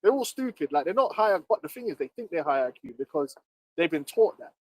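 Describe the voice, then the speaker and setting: A man holds forth on a live chat stream, heated and profane, jabbing at each point. His voice sits high for a man, and the sound is close and dry with no room around it. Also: brisk, dry recording, low-quality recording. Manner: emphatic, profane, animated ranting. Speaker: livestream co-host.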